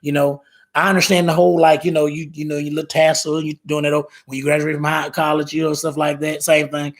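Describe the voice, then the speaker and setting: A man in his thirties runs a casual live stream, rambling along, repeating words and reading viewer comments out loud. His voice is a little high, his delivery flat and brisk.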